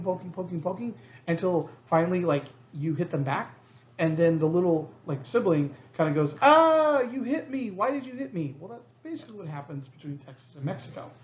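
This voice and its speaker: A man's voice: fairly high pitch, a little mellow, a little hiss or hum. A man teaching history in a recorded lecture, in a casual way, often checking in with students and acting out quotes. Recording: slightly dull lo-fi recording.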